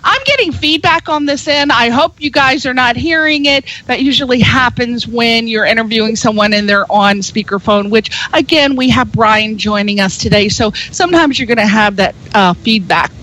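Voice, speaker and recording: A woman's voice: a little high, normal speed, hardly any pauses, sharp tone. A woman hosting a radio talk show, chatty and rambling as she gives web addresses and introduces guests. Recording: dull lo-fi radio broadcast.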